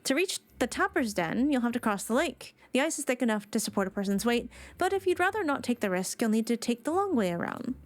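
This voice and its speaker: A woman's voice: on the high side, sing-song, fast talker, few pauses, dry recording. A woman reading aloud the lines of a worried female villager asking for help, in an earnest, polite manner. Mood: instructive.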